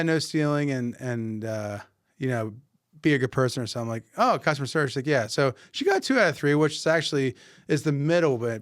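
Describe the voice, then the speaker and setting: On his podcast, a man with a mid-range voice animatedly recounts an anecdote in a casual way, acting out the quoted lines and restarting his sentences many times. The recording is studio quality, free of room sound.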